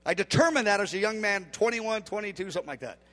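A man's voice: sits high, animated, fast, fairly bright tone. A man in his fifties preaching a sermon, emphatic and acting out the dialogue he quotes. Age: 50s. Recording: long hall reverb.

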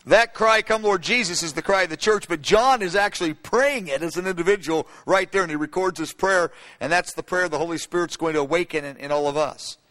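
A male preacher with a high, bright, forceful voice teaches from his notes. He speaks emphatically and builds to fervent, repeated cries. His voice rings with the long reverb of a large hall. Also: brisk, few pauses.

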